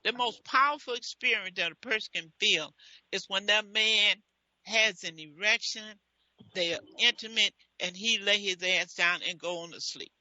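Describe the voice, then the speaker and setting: A woman's voice: medium pitch, moderate pace, sharp tone, no echo, dull audio. A woman hosting a radio advice show, speaking bluntly and giving frank relationship advice in a casual talk style.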